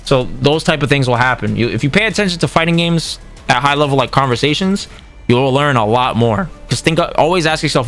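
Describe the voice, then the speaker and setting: Over faint background music, a streamer with a medium-pitched voice coaches fighting games at a brisk clip. His style is loose and full of swearing, and he keeps impersonating other players.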